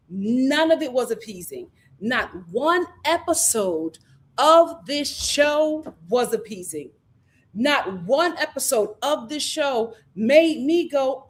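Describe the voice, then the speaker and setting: A woman reviewing a reality TV show on a casual live stream, ranting with exasperation and breaking into laughter. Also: high-pitched.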